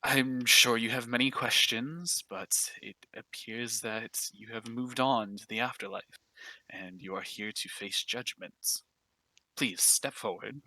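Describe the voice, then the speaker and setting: A man voicing a friendly, weary middle-aged male god of death who talks in a gentle, bewildered, apologetic way. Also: fairly low pitch, dry recording, heavily acted, low-quality recording. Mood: welcoming.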